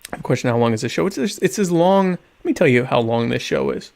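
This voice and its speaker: A man's voice: medium pitch, lively intonation, quick pace, vocal fry, a little mellow. A young man hosting a casual live-streamed talk show, reading viewer questions aloud and answering with sardonic, mock-pompous humor. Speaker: podcast host.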